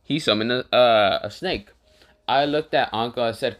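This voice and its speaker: Male storyteller, casual and rambling, full of filler words and self-corrections, swears a lot, average pitch. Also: normal speed. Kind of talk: casual improvised fan-fiction narration.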